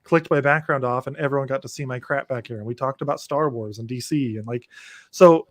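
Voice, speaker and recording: Here a male podcast co-host chats casually from a remote home setup, speaking at medium pitch and a little fast. The recording is dry and studio quality. He comes across animated and rambling, with plenty of restarts.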